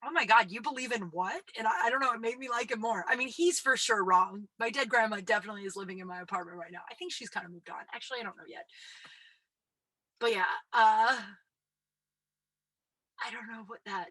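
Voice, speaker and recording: Candid sweary woman podcaster, bright and dry. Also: brisk, pauses often, no echo, low-quality recording. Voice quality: deep voice. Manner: candid, rambling, sweary, often drops to a whisper. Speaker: podcast host. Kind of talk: casual solo podcast chat.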